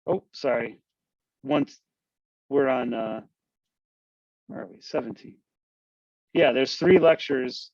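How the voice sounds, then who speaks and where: A man's voice: medium pitch, slow pace, long pauses, darkish tone, no room sound, lo-fi sound. A man lecturing a university class online in a casual, conversational way, often checking in with "right?" to his students. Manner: loose, conversational, full of tag questions.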